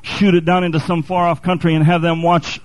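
High-voiced male preacher, dry close mic, impassioned sermon delivery. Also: flat delivery, a little fast, no room sound, poor audio. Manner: impassioned, building to fervent repetition.

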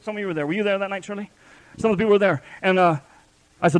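A man's voice: high voice, racing. A man preaching a sermon at a live church service, fervent and repetitive, with folksy grammar.

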